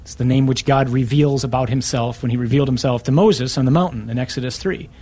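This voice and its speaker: A man preaching a sermon, emphatic and punching key words with sudden rises in pitch. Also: quick pace, warm tone, slightly rough.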